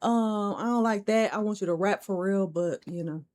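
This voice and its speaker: A woman's voice: medium pitch, moderate pace, very noisy. A young woman co-hosting a podcast, chatting casually and telling stories in a blunt, frank, profane way. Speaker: podcast co-host.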